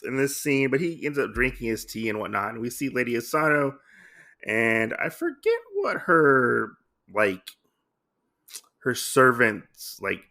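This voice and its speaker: A man with a gravelly, sharp-toned voice at medium pitch hosts a podcast where he casually recaps a comic story. He rambles with lots of fillers and restarts, reading the lines in loose character voices.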